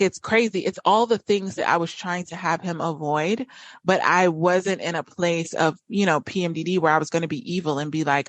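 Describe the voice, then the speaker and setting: A woman's voice: fairly low pitch, dry recording. A woman podcast host, casually telling a personal story in a chatty way with many fillers and restarts.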